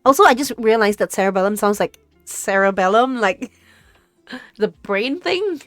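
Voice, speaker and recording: A woman's voice: on the high side, lively intonation, slow, a bit bright, dry recording, soft background music. Host streamer, woman, raised voice, reads aloud and laughs in disbelief, casual banter. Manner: incredulous, laughing, stumbling over words. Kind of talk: casual chat, reading a script aloud with reactions. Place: home streaming setup.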